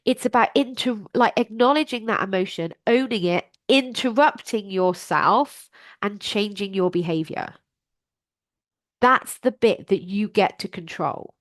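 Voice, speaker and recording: A woman's voice: medium pitch, measured pace, no room sound. A middle-aged woman hosting a solo advice podcast as a life coach, talking in an earnest, encouraging and direct way.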